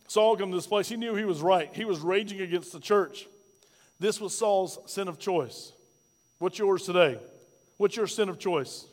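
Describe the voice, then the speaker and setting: Male pastor, fairly high voice, preaching in a church with a long hall echo. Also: moderate pace. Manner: preaching with rhetorical questions and a personal story. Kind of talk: sermon.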